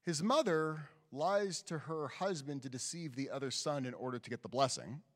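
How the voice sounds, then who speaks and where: A man's voice: on the high side, normal speed. A man, a rabbi, giving a sermon in a conversational storytelling style inside a synagogue sanctuary. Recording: long hall reverb.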